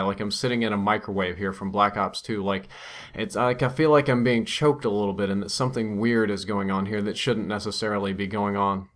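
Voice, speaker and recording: A man's voice: fairly low pitch, fairly bright tone. A young man telling a strange dream over gameplay as a channel host, musing and wondering aloud.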